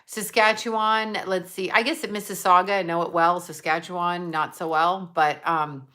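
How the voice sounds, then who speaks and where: A woman's voice: on the low side, fairly even intonation, normal speed, bright, forceful tone. A woman hosting a casual livestream from home, chatting in a bubbly way and reading out where her viewers are. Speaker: livestream host. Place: at home, just out of bed.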